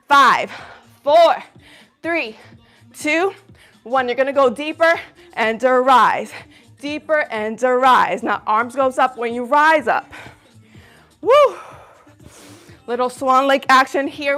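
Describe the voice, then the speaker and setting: A woman, a little out of breath, leads a ballet-style workout, counting reps and cheering her class on. She talks slowly, with drawn-out counts, in a voice a bit high for a woman. Faint music plays behind her. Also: a bit bright. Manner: upbeat, encouraging, counts reps and whoops. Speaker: fitness instructor. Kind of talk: live workout instruction.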